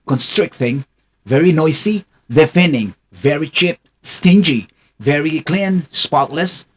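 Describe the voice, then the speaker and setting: A man hosting a casual vocabulary vlog, reading a word list in a steady rhythm after a hesitant, filler-laden opening. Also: on the high side, slightly rough. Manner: slow, hesitant delivery with many uh fillers. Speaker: host.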